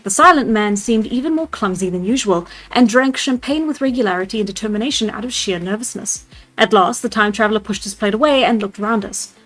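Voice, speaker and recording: In a brisk, mid-range voice, a storyteller streamer reads a classic novel aloud live over soft music. She keeps laughing in asides at the voices she chooses.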